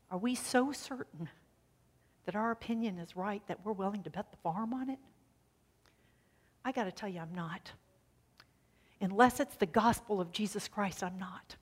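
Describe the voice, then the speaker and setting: A woman's voice: medium pitch, husky. Woman pastor telling a story in a sermon. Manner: conversational storytelling, drops to a hush on key lines.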